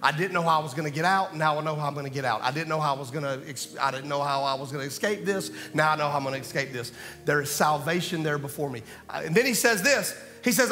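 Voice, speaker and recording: A pastor preaches with animated swings between loud calls and quiet asides. His voice is high and bright. It rings through a reverberant hall, with faint music underneath. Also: fast. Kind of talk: sermon.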